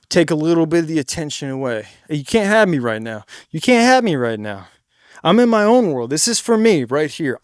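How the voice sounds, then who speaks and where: A young man who sings in a band gives a casual, energetic lesson on stage moves, swearing freely and often tagging "right?" and "dude". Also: high voice, dry recording, clean studio sound. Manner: energetic, demonstrates moves, bursts into shouted song lines. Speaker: singer giving stage tips.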